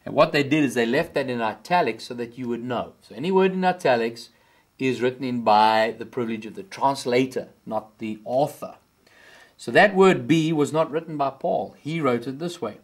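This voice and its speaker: A middle-aged South African pastor preaches with fervour, his voice sitting in an ordinary middle range but leaping high whenever he drives a point home. He keeps up a sermon's steady, urgent push. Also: normal speed. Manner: impassioned preaching, rising high on key words.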